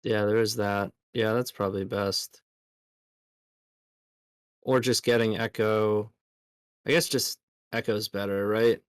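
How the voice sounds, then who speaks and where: A man's voice: on the low side, level tone, takes it slowly, long pauses, clear, resonant tone, no room sound, studio quality. A tired man discussing card game plays in a casual chat, thinking aloud in a hesitant way. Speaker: guest player in a card game.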